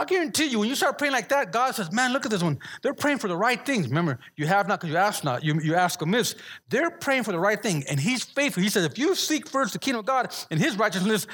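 Husky animated male preacher. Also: high voice. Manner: conversational preaching with repeated restarts and call-and-response. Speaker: pastor. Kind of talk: sermon.

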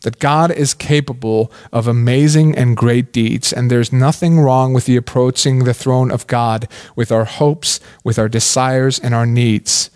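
A man's voice: medium pitch, fairly even intonation, unhurried, few pauses, a little mellow. A man preaching a sermon in a casual, conversational way, asking many questions and often saying "like". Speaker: pastor.

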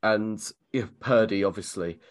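A man's voice: fairly low pitch, normal speed. A man in a casual sports podcast chat, teasing his co-hosts with dry humor. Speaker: podcast co-host.

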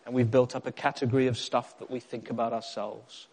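A man's voice: mid-range voice, fairly quick. Emphatic preacher man. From South Africa. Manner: emphatic, repeats phrases, builds to excitement. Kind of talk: sermon.

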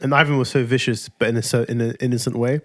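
A man co-hosts a relaxed podcast, chatting about family life and acting out his young son's questions. His voice sits mid-pitch and is recorded dry and close. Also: fast talker, no room sound. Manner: playful storytelling, acts out his son's lines. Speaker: podcast co-host. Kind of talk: casual chat.

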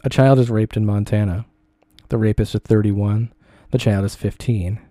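A man reading a second-person essay aloud in a measured, deliberate way. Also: lowish voice, fairly even intonation, mellow, dry recording, clean studio sound.

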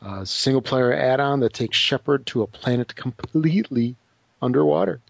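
A man co-hosts a gaming show and reads the news in a quick, offhand way, full of "uh"s. His voice has a gravelly rasp, and the audio is dry and somewhat muffled. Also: mid-range voice, dry recording. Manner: quick and offhand, with many "uh" fillers. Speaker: podcast co-host. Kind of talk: casual gaming news chat. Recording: dry, slightly muffled home mic.

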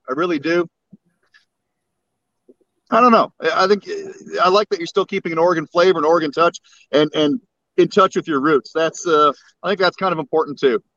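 A man with a slight Southern drawl and a rather high voice, easygoing and joking as he chats in from out on a boat. His audio is dry and dull, like a low-fidelity remote link. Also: a bit bright, dry recording. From West Texas. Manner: easygoing, joking, drawn-out talk. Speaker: call-in guest. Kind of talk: casual chat. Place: outdoors on a boat.

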